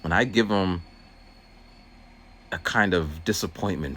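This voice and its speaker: Low-voiced man, wildly swooping delivery. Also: very animated, moderate pace, pauses often, fairly bright tone, slightly rough. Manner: rambling storyteller who acts out voices. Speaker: teacher's aide. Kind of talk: casual walking vlog monologue. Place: outdoors, walking.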